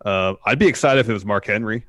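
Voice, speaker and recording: A man with a low voice co-hosts a wrestling podcast in relaxed chat. He hesitates often and fills gaps with ums and restarts. The recording is dry and close. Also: fast talker, dry recording. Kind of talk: casual chat.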